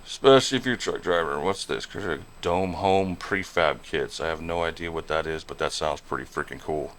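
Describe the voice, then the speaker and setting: A man's voice: extremely low pitch, moderate pace, fairly bright tone, slight background noise. A man streaming a trucking game and chatting casually, rambling along with lots of fillers and "you know". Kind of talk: casual live-stream chat while gaming.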